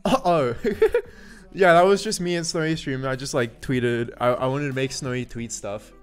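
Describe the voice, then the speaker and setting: A man streaming live in casual chat, greeting viewers by name and laughing often as he swings from loud yelps to mumbles. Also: medium pitch, moderate pace, clean tone. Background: faint looping music.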